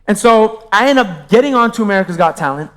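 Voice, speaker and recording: A man from Pennsylvania sharing his testimony with a live audience, animated and swinging between hushed asides and exclamations. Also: sits high, fast, big-room sound.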